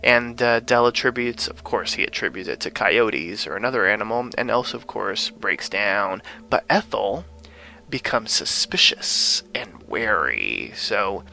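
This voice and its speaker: A man's voice: fairly low pitch, very animated, unhurried, vocal fry, pushed and bright, rough recording. A man hosting a podcast, casually recapping an episode with many fillers and restarts. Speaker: podcast host.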